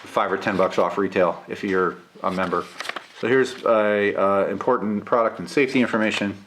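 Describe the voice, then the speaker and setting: A man getting over a cold, with a gravelly voice, chatting casually through a camera unboxing and review, with lots of filler "uh"s. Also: lowish voice, moderate pace, a little hiss or hum. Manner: relaxed, chatty, many filler "uh"s.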